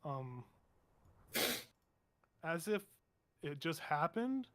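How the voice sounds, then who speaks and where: Halting game master, man. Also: on the high side, big pitch swings. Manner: meandering, halting, self-correcting. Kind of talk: narrating a tabletop game.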